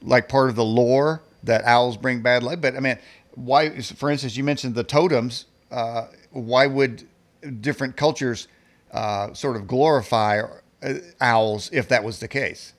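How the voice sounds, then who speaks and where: A man's voice: medium pitch, a little slow. A man hosting an interview, asking questions loosely with fillers and hesitations. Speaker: host.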